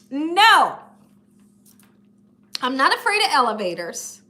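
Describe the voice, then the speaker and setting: A woman hosting a casual livestream, telling stories to her viewers and laughing often. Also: sits high. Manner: storytelling, animated, laughs often. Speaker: cooking channel host. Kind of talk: casual livestream chat reading comments.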